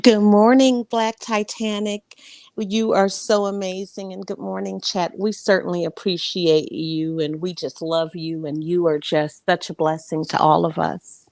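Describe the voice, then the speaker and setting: A woman's voice: on the low side, little pitch movement, unhurried, gravelly, darkish tone, dry recording. A woman calling in to a livestream, praising the host and giving earnest opinions. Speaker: caller. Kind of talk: casual call-in chat.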